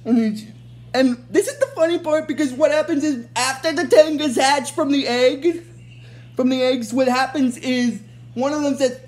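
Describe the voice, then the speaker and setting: A woman's voice: high-pitched, normal speed, darkish tone. A woman casually recapping a TV episode in a rambling way, full of fillers and restarts. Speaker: show recap host.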